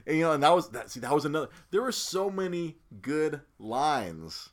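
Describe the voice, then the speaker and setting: A man's voice: fairly high pitch, big pitch swings. A man in casual chat who stumbles through restarts and fillers as he talks. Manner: halting, many restarts and fillers.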